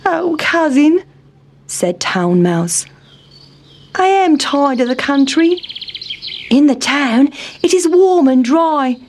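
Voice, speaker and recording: A woman's voice: sits high, expressive, slow pace, long pauses, darkish tone, pitched above the performer's own voice, exaggerated voice. A woman voicing a fussy, complaining male town mouse in a storybook reading, whiny and sighing.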